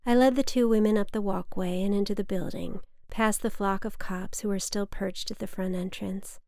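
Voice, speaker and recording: A woman reading her personal story aloud in a measured, wry, reflective manner. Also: medium pitch, steady tone, darkish tone, dry recording, clean studio sound. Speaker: memoir narrator.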